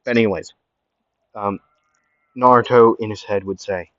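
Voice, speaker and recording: Young man, rambling story narration, low-pitched, muffled lo-fi mic. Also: fairly even intonation, moderate pace, fairly bright tone, dry recording. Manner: rambling, self-correcting, lots of fillers. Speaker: fan storyteller. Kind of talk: improvised what-if story narration.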